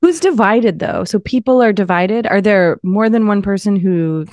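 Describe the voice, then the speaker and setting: A woman's voice: medium pitch, animated, normal speed, a little mellow, no echo. A woman chatting on a podcast, blunt and sardonic, swearing freely. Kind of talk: casual podcast chat.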